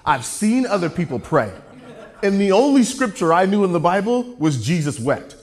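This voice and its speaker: A male preacher telling a sermon story, his voice bouncing up and down with lively energy and a fairly high pitch. He jokes at his own expense and keeps the room engaged with quick asides. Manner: animated, joking storyteller.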